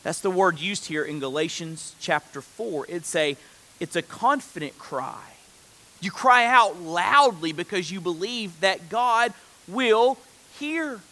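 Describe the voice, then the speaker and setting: High, bright-voiced earnest preacher. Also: male voice, expressive, slow. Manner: earnest, climbs to loud emphatic peaks. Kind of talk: sermon.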